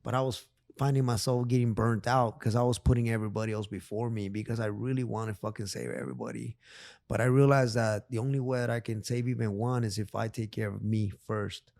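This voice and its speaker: A man's voice: mid-range voice, steady tone, fairly quick, vocal fry, darkish tone, dry recording, studio quality. A middle-aged man, a therapist talking as a podcast guest, speaking emphatically in street slang with frequent swearing and restarts. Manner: repeats himself, many restarts. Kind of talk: casual podcast conversation.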